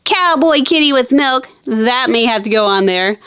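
Bubbly young woman host doing kids toy narration, super bright and bouncy, dry close sound. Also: high-pitched, measured pace, smooth, no echo. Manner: bubbly, excited, sing-song. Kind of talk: playful kids' toy narration.

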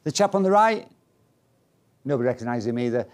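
A man's voice: mid-range voice, animated, brisk, darkish tone. A man giving a humorous motivational talk to a live audience, playful and self-mocking, teasing the crowd. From Yorkshire, England. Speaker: speaker.

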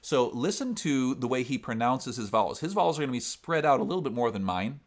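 A man's voice: mid-range voice, big pitch swings, fast talker. A man with an upper Midwest American accent and a resonant voice, explaining singing technique step by step in a vocal lesson. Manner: explains step by step, breaks into sung demonstrations. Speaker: singer and vocal coach.

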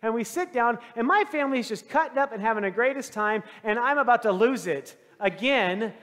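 A middle-aged man preaching a sermon, telling a personal story in an animated, self-deprecating way that swings from loud to hushed. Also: extremely high pitch, fairly quick. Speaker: pastor. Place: church sanctuary. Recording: long church reverb.

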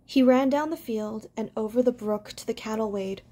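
A woman doing amateur audiobook narration, gentle and unpolished, with small stumbles. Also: a little high, moderate pace.

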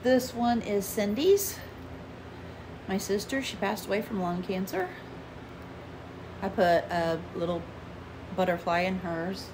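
Rambling woman filming a casual home vlog on a handheld camera, with a clear hiss of noise behind her; she slips into whispers now and then. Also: mid-range voice, fairly even intonation, slow, long pauses. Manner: chatty, rambling, many "um"s; drops to a whisper at times. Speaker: vlogger. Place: at home, inside and in the yard.

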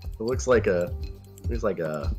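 A man's voice: fairly low pitch, lively intonation, moderate pace, soft background music. Joking man co-hosting a charity stream. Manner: joking, laughs often. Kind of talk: casual chat.

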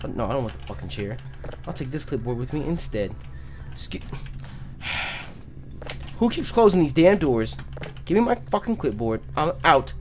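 A man hosting a let's play, commenting loudly and profanely, often yelling at the game. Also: a little high. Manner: loud, profane, excitable, yells at the game. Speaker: gaming channel host.

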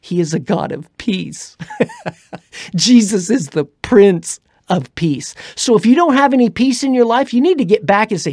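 A woman's voice: a little high, lively intonation, a little slow, no echo. Woman preaching on the radio, fervent, drops to whispers, dead dry studio mic. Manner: fervent, swings between loud urging and hushed whispers. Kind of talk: preaching, prophetic exhortation.

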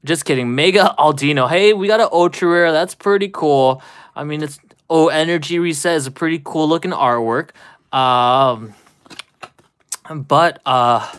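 A man's voice: a little high, unhurried, fairly bright tone, clear, resonant tone. A man opening trading card packs on a live stream, chatting and laughing with his viewers, a little out of breath. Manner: laughing, chatty, talks straight to chat. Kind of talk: casual live stream chat.

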